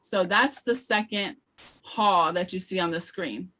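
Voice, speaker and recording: A woman running an online teacher training, explaining patiently with frequent ums and slowly modelling pronunciations over a video call. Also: on the low side, a bit bright. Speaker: language instructor.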